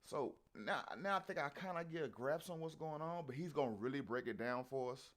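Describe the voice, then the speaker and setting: A man's voice: fairly high pitch, expressive, a little fast, fairly bright tone. A man hosting a reaction video, talking in a loose, rambling way and cussing freely. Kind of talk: casual commentary.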